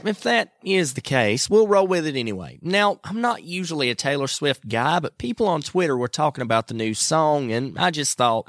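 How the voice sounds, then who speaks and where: Brief: a mid-pitched man hosting a podcast, chatty and self-mocking, expressive delivery. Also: dry recording, clean studio sound. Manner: chatty, self-mocking, earnest when preaching. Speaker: podcast host. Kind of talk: casual chat and devotional talk.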